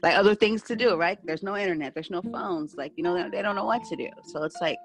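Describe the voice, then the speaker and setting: A woman's voice: fairly low pitch, fast talker, soft background music. A woman hosting a podcast, talking casually with lots of fillers and restarts. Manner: casual, filler-heavy, rambling. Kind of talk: casual conversation.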